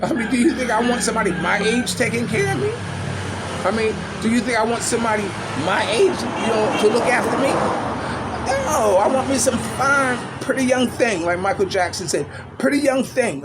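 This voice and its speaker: After tennis, an older vlogger at a small outdoor hangout spot gives loose, very animated commentary over a noisy crowd, chuckling and saying "you know" a lot. His voice is fairly high for a man, with a steady hum of traffic and street noise.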